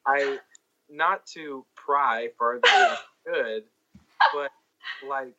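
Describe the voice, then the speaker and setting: A man's voice: medium pitch, lively intonation, takes it slowly, heavy background noise. A man co-hosting a podcast in casual chat, asking polite, hesitant questions with many restarts. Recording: dull lo-fi podcast audio.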